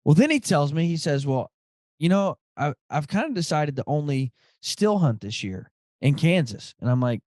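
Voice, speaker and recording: A man hosting a podcast, telling a story in a casual, animated way and acting out the dialogue. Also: fairly high pitch, moderate pace, dry recording, studio quality. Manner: animated, quotes friends in dialogue, says dude a lot. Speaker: podcast host.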